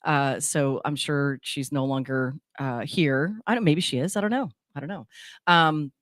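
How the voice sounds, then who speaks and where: A woman's voice: low voice, a little slow, no echo. A woman in her forties co-hosting a radio show, chatting casually in a rambling way with many restarts. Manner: rambling, frequent restarts and fillers. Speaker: radio co-host. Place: radio studio. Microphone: studio microphone.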